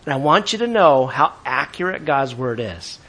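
A man preaching a sermon with energy, swinging between loud emphasis and quiet asides and asking his congregation questions. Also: mid-range voice, sing-song, normal speed, breathy edge. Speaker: pastor.

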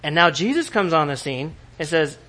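A middle-aged male pastor preaching a sermon, animated and often acting out quoted voices. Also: on the high side, normal speed.

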